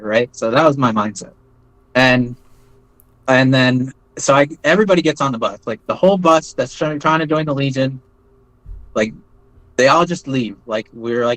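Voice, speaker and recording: A man tells his own story in a loose, rambling way, looping back with "like" and "you know" and checking in with "right?" after each point. His voice sits at an ordinary middle pitch. The recording is dry and close, with almost no room sound. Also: normal speed, fairly bright tone, no echo, poor audio. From United States. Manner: rambling, many fillers and tag questions. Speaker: veteran telling his story. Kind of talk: casual first-person storytelling.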